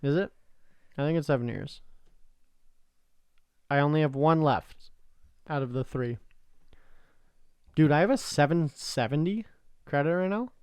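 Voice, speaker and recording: Smooth-voiced young man telling stories. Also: fairly high pitch, measured pace, pauses often, dry recording. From Canada. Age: young adult. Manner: animated storyteller, swears freely. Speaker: podcast host. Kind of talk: casual podcast chat.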